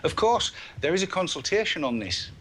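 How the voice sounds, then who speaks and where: A man's voice: high-pitched, very animated, fairly quick, a bit bright, slightly rough. Dry-humored co-host man. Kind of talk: casual online show chat.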